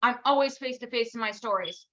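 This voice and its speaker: Her voice is a little high, brisk, pushed and bright, coming through lo-fi audio. As a team leader on a livestream, she scolds bluntly in a casual motivational pep talk, rattling off rhetorical questions, cursing offhandedly, and making fun of herself.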